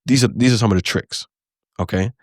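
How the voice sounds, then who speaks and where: A man's voice: fairly low pitch, brisk, no echo, clean studio sound. A man giving a casual spoken lesson on language learning, loose and chatty, full of asides and acted-out reactions. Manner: acts out his own reactions in quotes.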